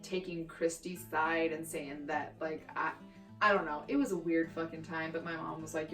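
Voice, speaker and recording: A woman's voice: on the low side, moderate pace. Brash, foul-mouthed young woman from Texas. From Texas, USA. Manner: brash, profane, animated storytelling. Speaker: vlogger. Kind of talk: storytime vlog. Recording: roomy echo, distant mic, faint guitar music.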